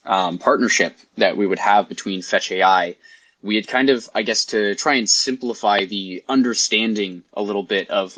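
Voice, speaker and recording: A man's voice: fairly low pitch, fairly bright tone. A man hosting a casual online community session, talking easily with frequent fillers. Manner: easygoing, filler-heavy. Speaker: community developer and host. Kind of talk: casual online panel talk.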